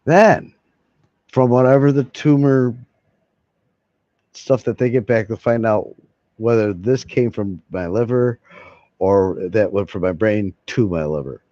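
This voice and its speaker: A man's voice: fairly low pitch, a little slow, pauses often, warm tone, no echo. A man rambling casually to his viewers, swearing freely and chuckling between thoughts. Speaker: vlogger. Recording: dull lo-fi sound.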